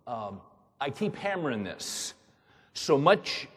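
Husky pastor preaching in a reverberant hall. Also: male voice, mid-range voice, sing-song, slow, a bit bright. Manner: emphatic, repeats words, fires rhetorical questions. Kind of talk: sermon. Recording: long reverb of a large hall.

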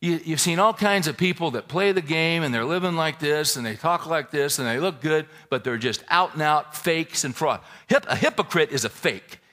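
A man preaching a sermon, lively and folksy, full of rhetorical questions and asides. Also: a little high, normal speed, hardly any pauses. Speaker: pastor.

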